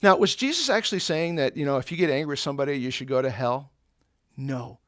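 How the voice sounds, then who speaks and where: A man's voice: mid-range voice, fast talker, fairly bright tone, no echo. Man teaching a Bible lesson, dry close sound. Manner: conversational, explains with everyday examples and rhetorical questions.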